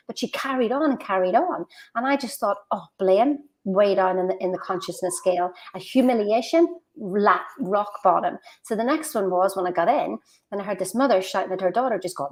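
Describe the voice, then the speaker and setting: A woman's voice: mid-range voice, brisk. A woman, co-hosting a motivational talk show, chatty and full of restarts as she tells stories. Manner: chatty, storytelling, frequent restarts. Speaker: co-host. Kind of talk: casual motivational chat.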